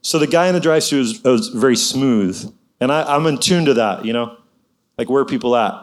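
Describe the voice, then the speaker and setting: Animated middle-aged man preaching casually. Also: mid-range voice, a little fast. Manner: animated, exhorting, full of "you know" asides. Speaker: Christian minister telling a personal story. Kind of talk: conversational preaching testimony.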